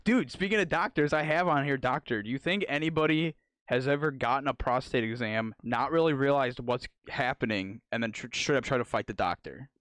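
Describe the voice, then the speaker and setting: A man's voice: mid-range voice, a little fast, fairly bright tone, dry recording. Giggly rambling young man. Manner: rambling, giggly, lots of fillers. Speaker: podcast co-host. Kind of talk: crude comedic chat.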